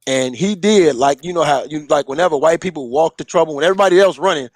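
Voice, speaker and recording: A man's voice: on the high side, quick pace, dry recording. A man co-hosting a boxing talk show, joking and laughing, often stammering as he restarts. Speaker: boxing podcast co-host. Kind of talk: casual profane chat.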